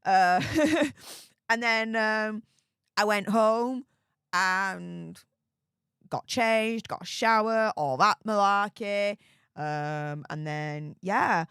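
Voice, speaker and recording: A young English woman hosting a live stream, rambling in a chatty, excitable way with plenty of fillers and mild cursing. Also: lowish voice, gravelly, smooth, no room sound, studio quality. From Yorkshire, England. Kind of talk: casual live stream chat.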